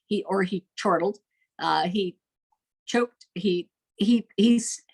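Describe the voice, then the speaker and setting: A woman's voice: medium pitch, vocal fry, slightly rough, poor audio. Woman teaching a literature lecture. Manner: unhurried, reads lists and rhymes aloud with a lively sing-song lilt. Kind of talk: recorded homeschool literature lecture.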